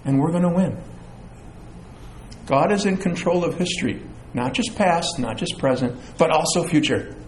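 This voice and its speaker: Middle-aged pastor preaching in an echoey room. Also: male voice, fairly high pitch, moderate pace, slight background noise. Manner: animated preaching with chatty asides and self-deprecating humor. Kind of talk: sermon. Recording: echoey room with faint ambience.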